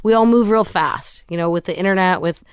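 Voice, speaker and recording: Woman, podcast guest, candid, deadpan humor, somewhat low pitch, dry close sound. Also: fairly quick, clean tone, dry recording. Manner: candid, wry, deadpan about hard topics. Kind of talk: casual conversation.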